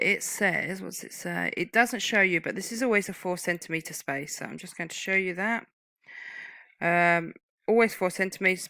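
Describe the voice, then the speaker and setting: A woman tutors typing over a screen recording, walking through each step patiently and explaining the terms. Her voice sits fairly low yet sounds bright and clear. The recording is dry and close. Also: no room sound, poor audio.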